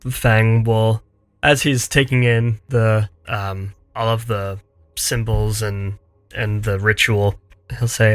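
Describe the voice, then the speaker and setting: A man's voice: on the low side, steady tone, slow, no echo. A man playing a tabletop game, thinking aloud hesitantly. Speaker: player.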